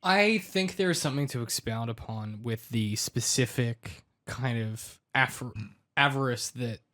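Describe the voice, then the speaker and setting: A man co-hosting a casual podcast, enthusiastic and talking in quick bursts. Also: mid-range voice, fairly bright tone. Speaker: podcast co-host. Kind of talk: casual chat.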